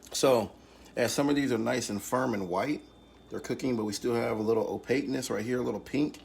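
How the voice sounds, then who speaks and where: Gravelly-voiced chef teaching a cooking class. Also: male voice, mid-range voice, fairly quick, crowd noise. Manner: calm step-by-step instruction. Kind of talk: live online cooking class.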